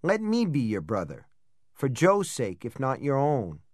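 A man's voice: mid-range voice, huge pitch swings, measured pace, dry recording, studio quality. A man voicing a grieving, protective older brother who speaks in a muffled, tearful voice, in an audiobook. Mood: earnest. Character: grieving big sunburned brother, earnest, protective.

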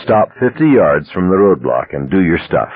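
A man reading a story aloud, voicing a tense male fugitive who speaks with soft, tense mockery. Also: low-pitched, big pitch swings, moderate pace, faint music behind, full character voice. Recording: dry tinny phone-like sound.

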